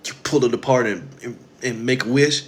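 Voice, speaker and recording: Guy ranting about spirituality, cussing a lot, preachy and blunt, regular pitch. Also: fairly quick. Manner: blunt, profane and preachy, mimicking others in quoted asides. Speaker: spiritual talk host. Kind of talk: casual spiritual monologue.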